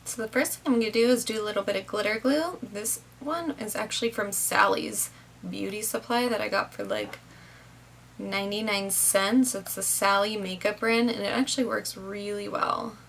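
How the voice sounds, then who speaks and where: A woman's voice: medium pitch, normal speed, vocal fry, a bit bright, slight background noise. A young woman casually narrating a makeup tutorial step by step, chatty with lots of "kinda, like".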